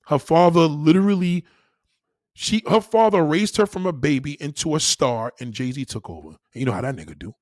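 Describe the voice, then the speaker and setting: A man's voice: a little high, normal speed, dry recording, studio quality. A man hosts a podcast and rants in a crude comedic style, swearing freely and laughing at his own lines. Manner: animated, profane, laughing asides. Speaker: podcast host.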